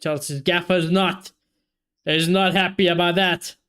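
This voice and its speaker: A man, casually commentating a football match for his live chat and reacting loudly to chances. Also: sits high, steady tone, measured pace, clear, resonant tone. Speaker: streamer hosting a football watchalong.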